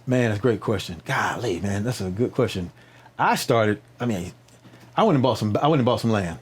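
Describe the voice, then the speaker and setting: A man speaks quickly and in a lowish register. He is a podcast guest in casual conversation, telling an animated story with restarts and tag questions. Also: slightly rough. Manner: animated storyteller, frequent restarts and "right?" tags. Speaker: guest, nonprofit founder.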